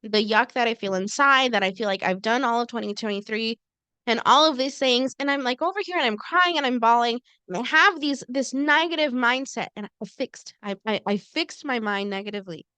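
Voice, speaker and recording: A woman's voice: fairly high pitch, fairly quick, pushed and bright, clean tone, no echo. A woman co-hosting a podcast, telling a personal story in casual chat and acting out quoted lines. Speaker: co-host.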